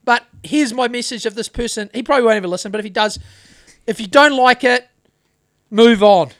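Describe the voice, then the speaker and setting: A man's voice: extremely high pitch, brisk, fairly bright tone. A man co-hosting a podcast, ranting bluntly and swearing constantly in casual chat. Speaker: podcast co-host.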